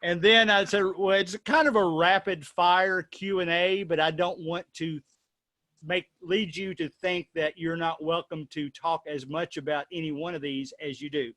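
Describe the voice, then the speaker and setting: A man's voice: on the high side, steady tone, normal speed, bright, forceful tone, no room sound. A man hosting a casual discussion, playful and rambling, often restarting his sentences. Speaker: host.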